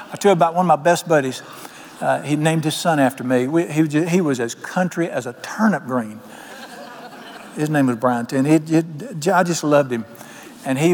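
A man preaching a sermon as pastor, telling homespun stories and asking his congregation questions. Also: a little high. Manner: folksy storytelling preacher, quotes people in voices, asks the congregation questions. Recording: long hall reverb.

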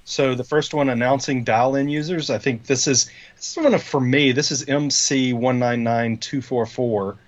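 A man's voice: medium pitch, fairly even intonation, normal speed, hardly any pauses, highs cut off. A man co-hosting a podcast in casual tech chat, rambling and explaining with many fillers and restarts. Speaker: podcast co-host.

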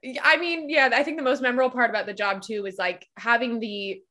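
A woman's voice: fairly high pitch, steady tone, quick pace, sharp tone. Chatty woman telling stories. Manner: chatty storytelling with frequent restarts. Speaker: podcast guest recalling past work as a comedy club server. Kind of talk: casual chat.

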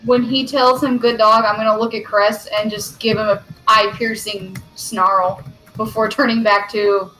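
A woman's voice: medium pitch, flat delivery, a little slow, bright, forceful tone, soft background music, low-quality recording. A woman player describing her character's actions in a tabletop game, in a playful manner. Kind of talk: tabletop role-play, playing a dog.

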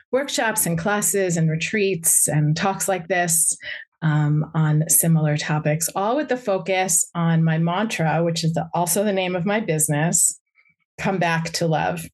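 A woman psychotherapist giving a talk, speaking in a reflective, gentle way with pauses and fillers. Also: fairly low pitch. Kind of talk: talk to a live audience.

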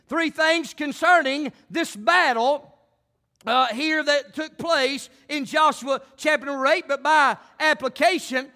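High-voiced fiery preacher man. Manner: folksy, builds to shouted fervent preaching. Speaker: pastor. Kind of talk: fiery country sermon.

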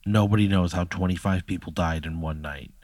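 Deep-voiced man on a dry mic, incredulous and profane. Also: fairly even intonation, fairly quick, darkish tone, dry recording. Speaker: player in a hypothetical. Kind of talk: casual chat.

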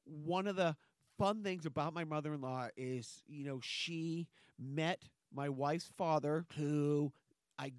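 A man's voice: fairly high pitch, dry recording, studio quality. A man hosting a casual podcast chat, rambling and joking as he goes. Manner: rambling, joking, chuckles between thoughts. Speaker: podcast host.

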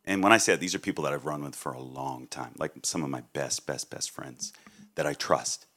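A middle-aged man from Massachusetts, a guest preacher telling stories in a sermon, swinging between loud outbursts and quiet asides. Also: extremely low pitch, fairly quick. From Massachusetts, USA. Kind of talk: sermon with storytelling.

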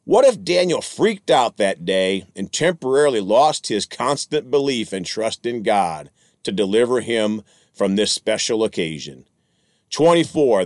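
A man preaching through a Bible passage, his voice sitting in a middle register. He moves his pitch around a lot as he reads and comments, addressing his listeners as friends. The sound is close and dry. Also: sing-song, unhurried, dry recording.

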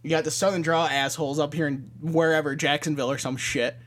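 A man's voice: a little high, fairly even intonation, a bit bright. A young man with a Michigan accent co-hosting a podcast in casual chat, teasing and swearing freely. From Michigan, USA. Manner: profane, teasing and quick to joke. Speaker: podcast co-host.

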